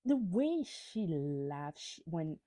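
A woman's voice: deep voice, sing-song, takes it slowly, mellow, no echo. A woman hosting a podcast, giving a ranting gossip recap of reality TV, swearing freely and stumbling over words when worked up. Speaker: podcast host.

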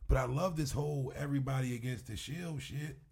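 A man who works as a wrestling promoter, chatting as a guest in a casual interview, an animated storyteller who swears freely. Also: medium pitch, brisk, gravelly, husky.

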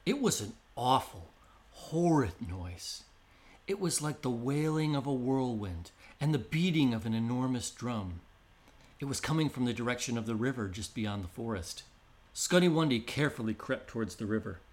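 A man's voice: medium pitch, sing-song. Man narrating a storybook tale. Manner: measured, descriptive storytelling.

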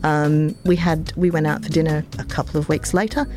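A woman with an Australian accent, telling personal stories as an interview guest, in a rambling way with many pauses and fillers. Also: low voice, level tone, soft background music. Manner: rambling, warm-hearted anecdotes with many ums. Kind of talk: casual interview storytelling.

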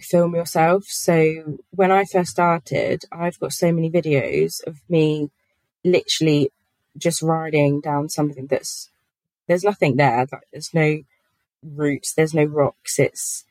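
Guest spot: low-pitched woman, chatty and giggly, dry close-mic sound. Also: darkish tone, no room sound, rough recording. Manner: giggly, chatty, many fillers. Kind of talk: casual podcast chat.

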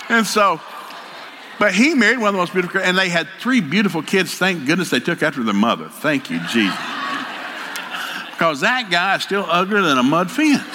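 A man's voice: high voice, pushed and bright, a little hiss or hum. An older man giving a folksy, joking sermon as a preacher, telling stories with country humor. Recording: hall reverb, faint ambience.

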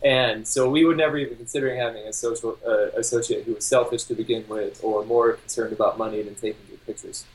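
A man's voice: medium pitch, steady tone, fast talker, hardly any pauses, low-quality recording. A man, a wedding photographer guest, talking in a laid-back, self-deprecating way. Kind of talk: casual interview.

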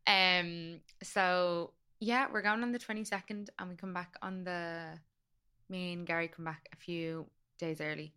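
Bright, clear-voiced woman chatting. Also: on the low side, fairly even intonation, a little slow. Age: 30s. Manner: chatty, laughs often, acts out quotes. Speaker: podcast co-host. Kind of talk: casual chat.

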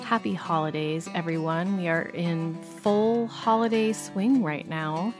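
A woman's voice: fairly low pitch, unhurried, loud music behind the voice. A woman hosting a podcast, chatting casually and reading out listener questions in a friendly way. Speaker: podcast host.

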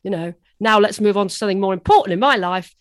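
A woman's voice: medium pitch, fast talker, dry recording, clean studio sound. A woman chatting as an interview guest, anecdotal and laughing at herself. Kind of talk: casual interview chat.

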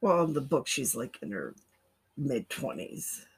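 A woman's voice: extremely low pitch, big pitch swings, measured pace, noisy background. A woman co-hosting a podcast, chatting casually and dropping dry, dismissive asides. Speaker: podcast co-host. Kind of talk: casual chat.

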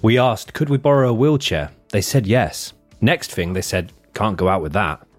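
A man hosting a podcast in casual chat, reading reviews aloud in a lively, jokey way. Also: on the low side, normal speed, dry recording, faint music behind. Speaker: podcast host.

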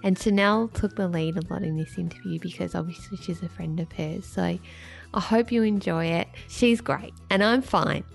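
A woman's voice: lowish voice, normal speed, creaky, soft background music. A woman hosting a podcast, chatty and self-mocking, with a slight lisp after dental surgery. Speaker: podcast host. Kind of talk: casual podcast intro and chat.

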